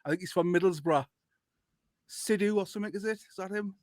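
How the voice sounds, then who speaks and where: A man's voice: high-pitched, quick pace, darkish tone, dry recording. A man hosts a football podcast in a loose, jokey way, swearing as he banters. His voice sounds close and dry, with no room around it. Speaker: podcast host. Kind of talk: casual football podcast chat.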